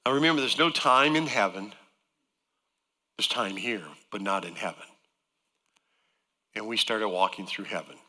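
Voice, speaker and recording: A man's voice: on the low side, normal speed, pauses often, bright, forceful tone, in a large hall. A man giving an emotional church testimony, storytelling with wry joking asides. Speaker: guest speaker sharing a testimony. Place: church sanctuary.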